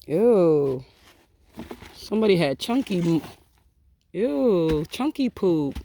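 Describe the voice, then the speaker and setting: Chicken keeper, casual outdoor vlog, mellow warm tone, playful banter with the hens. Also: medium pitch, very animated, slow pace. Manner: playful, teasing banter with the birds.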